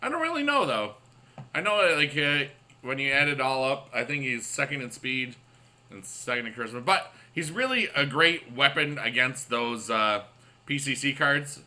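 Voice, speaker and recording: Man, gaming channel host, bright tense voice, rambling upbeat late-night commentary full of fillers. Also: mid-range voice, normal speed. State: up late on caffeine. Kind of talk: casual gameplay commentary.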